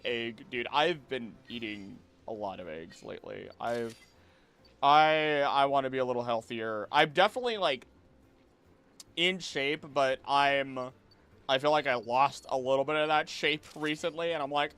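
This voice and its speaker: A man's voice: medium pitch, very animated, normal speed, fairly bright tone. A young man streaming a game live, chatting playfully with his viewers and the creatures on screen. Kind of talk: live gameplay commentary.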